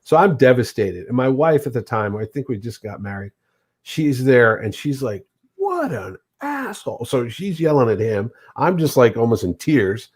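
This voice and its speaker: Animated man telling convention stories. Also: mid-range voice, normal speed. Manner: animated, acts out quoted voices. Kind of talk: casual storytelling on a podcast.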